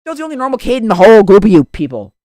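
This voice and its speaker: Animated woman streamer ranting. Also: medium pitch, racing, no echo. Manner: animated, ranting with slang and filler. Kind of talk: casual chat.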